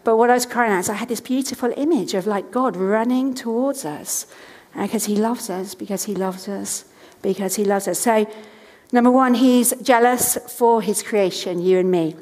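A woman's voice: medium pitch, moderate pace, darkish tone, long reverb tail. A woman in her thirties preaching a sermon from a church stage, telling family stories chattily and repeating key lines with earnest emphasis.

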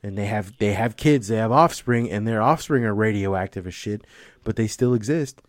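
A man's voice: lowish voice, normal speed, no room sound, clean studio sound. A young man in casual conversation, rambling and swearing, with lots of fillers and frequent laughter. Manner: profane, rambling, laughs often, filler-heavy.

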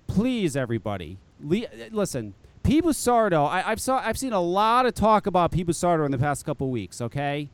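A man hosting a podcast, telling a story in casual chat, animated and profane, laughing often. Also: medium pitch, smooth. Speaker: podcast host.

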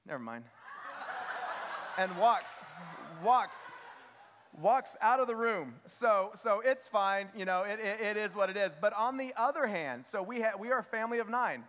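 A high-voiced man shares a personal story with a church congregation. He speaks earnestly, stumbling and repeating words as he goes. His voice rings with a long reverb from the sanctuary. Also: normal speed, few pauses, fairly bright tone.

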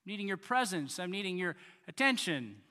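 Bright-voiced man preaching in a reverberant hall. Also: high-pitched, very animated, moderate pace. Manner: conversational, repeats words, swings between loud and quiet. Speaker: pastor. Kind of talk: sermon.

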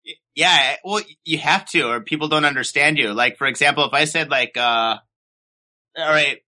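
A man's voice: on the high side, moderate pace, sharp tone. A man hosting a podcast, chatting casually and swearing often. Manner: laid-back, swears often. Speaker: podcast host. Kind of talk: casual chat. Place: lives in Japan.

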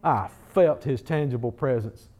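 A man's voice: mid-range voice, a little slow, mellow. A middle-aged man preaching a sermon in a conversational way, often repeating words as he builds emphasis. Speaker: pastor.

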